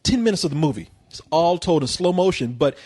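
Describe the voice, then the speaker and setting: Guy reviewing a movie on a podcast, kinda high voice, laughs a lot, lots of restarts. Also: animated, fast talker, darkish tone, slightly rough. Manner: laughs often, many false starts. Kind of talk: casual podcast chat.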